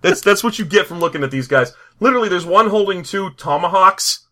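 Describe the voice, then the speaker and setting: A man's voice: high voice, animated, fairly quick, bright, forceful tone. A man co-hosting a casual chat about a tabletop game, joking and laughing often and restarting his sentences. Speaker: podcast co-host.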